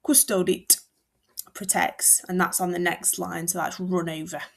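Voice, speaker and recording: Young woman teacher, casual classroom explainer, slight fry in the voice. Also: fairly low pitch, flat delivery, a little slow. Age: young adult. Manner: chatty and informal, with fillers and asides.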